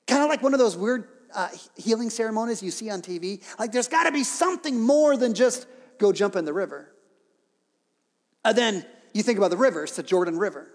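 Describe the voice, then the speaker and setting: A man preaching a sermon, telling a story in a lively way with joking modern asides. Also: sits high, a little fast. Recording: reverberant hall.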